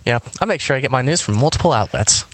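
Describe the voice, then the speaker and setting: A man's voice: medium pitch, expressive, fast, background noise. A man co-hosting a casual podcast, laid-back and chuckling, reading a news story aloud with small stumbles. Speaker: podcast co-host.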